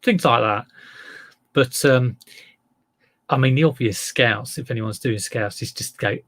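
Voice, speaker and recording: A chatty man runs a casual selling vlog, drifting from one topic to the next and poking fun at himself. His voice sits at an ordinary pitch with a gravelly, creaky edge. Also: unhurried, a bit bright. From England. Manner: rambling, self-deprecating, wanders off topic. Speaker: online reseller.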